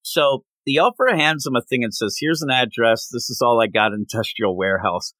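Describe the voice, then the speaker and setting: A man's voice: mid-range voice, a little fast, a bit bright, dry recording. A man hosting a comic book podcast, chatting casually and acting out characters' lines in silly voices. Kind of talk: casual chat.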